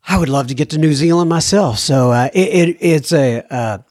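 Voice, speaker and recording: A man's voice: a little high, moderate pace, a little mellow, dry recording, studio quality. A man hosting a podcast, reading out listener letters in a rambling, chatty way with stumbles and repeats. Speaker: podcast host. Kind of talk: casual podcast talk reading listener mail.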